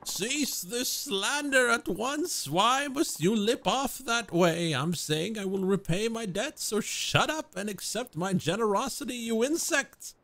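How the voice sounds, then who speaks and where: A preening, self-styled nobleman of thirty-five, put on by a man reading a game aloud. He stretches out his words in a slow, grandiloquent way and lets his voice swoop high and low. The whole performance drips with disdain. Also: lively intonation, a bit bright, a little hiss or hum, full character voice. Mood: haughty. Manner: grandiloquent, drawn-out theatrical delivery.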